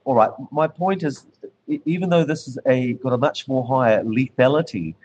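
A man with a New Zealand accent hosting an interview, talking quickly and in a rush. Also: medium pitch, darkish tone, a little hiss or hum, poor audio. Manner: rapid, rushed talker. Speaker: radio show host.

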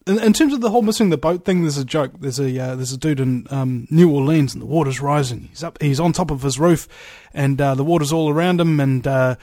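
A man's voice: on the high side, fairly quick, warm tone, no room sound. Hesitant man host, dry voice. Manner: hesitant, many fillers, storytelling. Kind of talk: conversational interview.

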